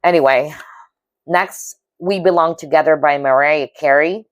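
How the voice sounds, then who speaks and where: Offering a pick-a-card tarot reading, a woman talks to her viewers with earnest, intuitive empathy, emotionally moved and frequently checking in with "okay?" Her voice is low and a little slow, with no room sound.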